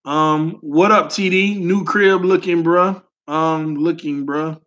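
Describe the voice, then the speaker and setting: A young man, hosting a casual sports fan talk and reading comments in an animated, emphatic, slangy way. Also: fairly high pitch, takes it slowly, dull audio. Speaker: sports fan channel host.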